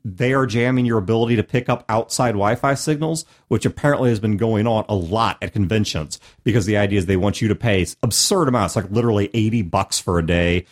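A man's voice: lowish voice, fast talker, few pauses. A man hosting a podcast in casual chat, talking emphatically and laughing often, from Missouri. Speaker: podcast host.

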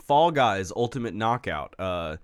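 A man casually chatting about a video game, swearing freely and breaking into loud mock rants. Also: lowish voice, a little slow, clean tone. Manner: profane, animated, bursts into loud mock rants. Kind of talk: casual gaming chat.

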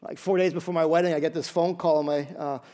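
A male pastor preaching a sermon, telling stories in an animated way with many quick restarts. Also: fairly high pitch.

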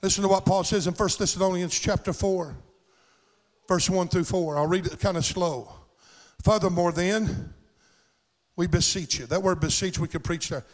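Pastor guy preaching, really high voice, sing-songy and gets shouty. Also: fairly even intonation, moderate pace. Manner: impassioned, sing-song preaching that rises to shouts. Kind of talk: sermon. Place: church sanctuary.

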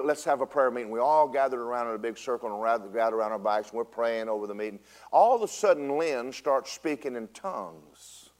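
A man, a pastor preaching a storytelling sermon in church, swinging from loud bursts to a hushed voice. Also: medium pitch. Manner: animated storytelling with big swings in loudness, drops to a hush. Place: church sanctuary.

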